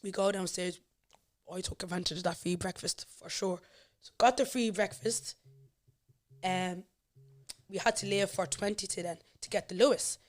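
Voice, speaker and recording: A woman's voice: mid-range voice, moderate pace. A young Irish woman, a podcast guest, candidly telling her personal life story with emotion.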